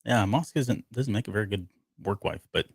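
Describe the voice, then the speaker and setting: A man's voice: on the low side, animated, brisk, gravelly, slightly rough, no echo. A man co-hosting a casual live podcast, rambling and often stopping to hunt for a word he has forgotten. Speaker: podcast co-host. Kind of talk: casual live TV-show breakdown chat.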